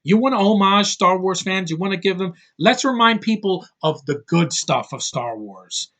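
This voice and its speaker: A man in his thirties reviews a film in a loose, ranting way. He is blunt and swears freely, wandering off on tangents and padding his talk with fillers. His voice sits a little higher than most men's. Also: lively intonation, moderate pace, a bit bright. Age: 30s. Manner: blunt, profane, rambling with many fillers. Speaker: movie reviewer. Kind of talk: casual rant-style film review.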